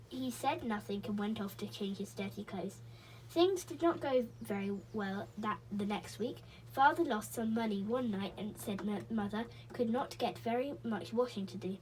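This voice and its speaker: A woman reading a children's book aloud in a gentle, expressive way, with small slips and restarts. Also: fairly high pitch, slight background noise, rough recording. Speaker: reader.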